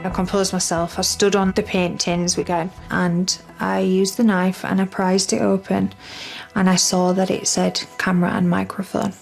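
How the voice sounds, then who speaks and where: A woman's voice: mid-range voice, flat delivery, moderate pace, creaky. A woman with a British accent giving a documentary interview, earnestly retelling her own experience and voicing her inner thoughts. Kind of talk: documentary interview, first-person account. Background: faint music.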